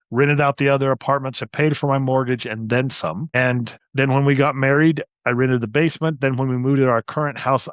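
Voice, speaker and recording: A man's voice: medium pitch, no echo, highs cut off. A man guest on an interview show, casually telling stories about his side businesses. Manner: storytelling, animated anecdotes. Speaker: podcast guest, side hustle coach.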